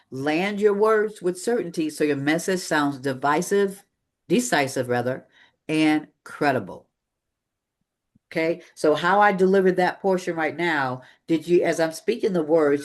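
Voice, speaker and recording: A public speaking coach giving a live training presentation to an audience in a meeting room, talking energetically and emphatically with shifting pace. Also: medium pitch.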